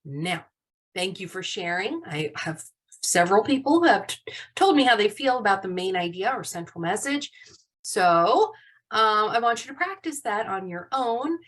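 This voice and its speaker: A woman's voice: mid-range voice, lively intonation, normal speed, fairly bright tone. A woman teaching a live online class over a video call, upbeat and full of praise for her students.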